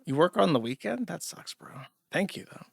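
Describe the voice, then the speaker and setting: A man's voice: high voice, sing-song, normal speed, vocal fry, husky, no room sound, studio quality. A man reading out viewer donations on his livestream and answering them in a blunt, profane, sardonic way. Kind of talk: casual livestream chat.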